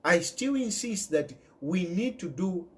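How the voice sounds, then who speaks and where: Zambian male commentator speaking straight to camera, insistent and lively in pitch. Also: measured pace. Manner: emphatic, repeats key phrases, mixes in local words. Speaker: political commentator. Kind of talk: impassioned direct-to-camera commentary.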